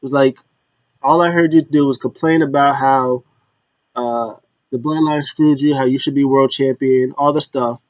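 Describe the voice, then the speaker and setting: Brief: male recap host, casual slangy storyteller, dry close sound, mid pitch. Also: normal speed, no room sound, highs cut off. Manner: animated storytelling, slangy, acts out quotes, many fillers.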